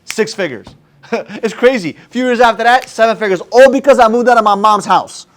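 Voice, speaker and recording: A man giving an energetic, emphatic motivational talk to camera about advice to his younger self, with slangy phrasing. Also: sits high, fairly quick. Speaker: sales business owner.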